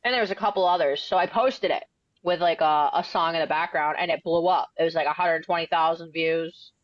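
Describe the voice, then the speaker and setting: A woman's voice: low-pitched, fairly quick, no room sound, dull audio. A young woman in her twenties from New England, a firefighter and author telling her story as a podcast guest in a blunt, outspoken, slangy way. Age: 20s. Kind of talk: casual interview storytelling.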